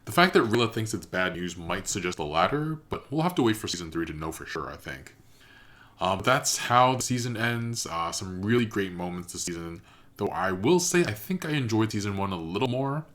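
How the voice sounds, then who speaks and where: Low-voiced man chatting casually. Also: brisk. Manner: relaxed, filler-heavy, thinking aloud. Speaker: reaction channel host. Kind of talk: casual reaction commentary.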